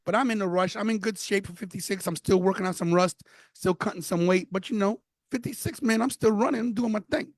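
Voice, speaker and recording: A man's voice: sits high, a little fast, dry recording. A man in his fifties from Brooklyn with a New York accent, telling stories emphatically as a podcast guest. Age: 50s. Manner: animated, emphatic storytelling with repeated phrases. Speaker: podcast guest, former wrestler. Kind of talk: casual interview chat.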